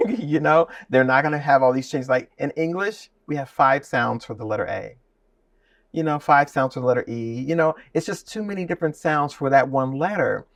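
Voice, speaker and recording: A man's voice: mid-range voice, normal speed, no room sound, distant mic. A man, a voice teacher, explaining his methods with enthusiasm as an interview guest.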